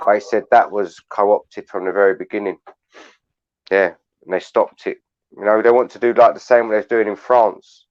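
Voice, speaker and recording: A man's voice: lowish voice, steady tone, moderate pace. A man hosting a live panel chat, rambling bluntly and swearing. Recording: dull lo-fi online audio.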